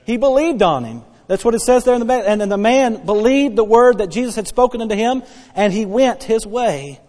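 A man in his forties preaching a sermon, repeating key phrases and drawing out Bible verses slowly. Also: sits high, animated, a little mellow, in a large hall. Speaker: pastor.

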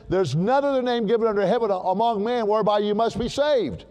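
A man preaches to a church congregation with emphasis and animation, repeating key words for stress. His voice sits high and his pace is moderate, and the recording has a big-room sound.

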